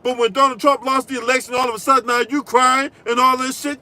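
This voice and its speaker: High, bright-voiced man ranting crudely. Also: fairly even intonation, a little fast, low-quality recording. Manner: mocking, crude trash talk, frequent "right?". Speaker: political commentary channel host. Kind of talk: profane ranting commentary.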